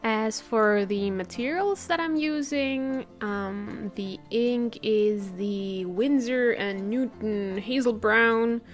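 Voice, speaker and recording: Slow, chatty woman with faint guitar. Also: a little high. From Central Europe. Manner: rambling, chatty, laughs often. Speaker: art vlogger. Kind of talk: casual chat while painting. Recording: faint guitar music behind.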